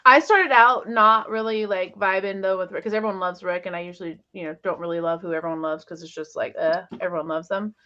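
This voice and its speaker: A woman's voice: medium pitch, steady tone, fast, hardly any pauses, sharp tone. A woman co-hosting a live stream, chatting casually and animatedly, full of fillers. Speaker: co-host of a live comics stream. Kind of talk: casual chat. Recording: dull lo-fi stream audio.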